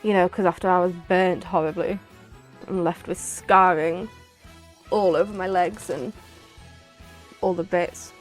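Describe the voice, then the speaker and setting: A young woman chatting casually while playing a game, rambling and breaking into excited exclamations. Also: on the low side, measured pace, long pauses, faint music behind. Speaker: streamer.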